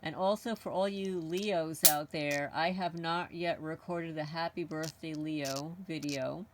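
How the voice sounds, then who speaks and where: A woman's voice: sits low, steady tone, unhurried, background noise. Blunt, outspoken woman vlogger. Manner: outspoken and blunt, circles back to repeat points. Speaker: channel host. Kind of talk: casual to-camera monologue.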